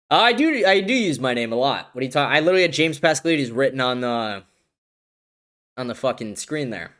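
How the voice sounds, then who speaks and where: A man's voice: mid-range voice, animated, fairly quick, a bit bright. A man hosting a livestream, reading chat messages and joking crudely in a brash, casual way. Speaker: livestream host.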